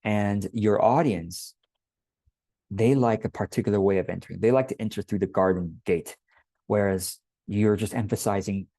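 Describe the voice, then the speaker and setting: A man, a business coach, teaching a workshop in a relaxed conversational way and acting out quoted voices. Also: fairly low pitch, normal speed, dry recording.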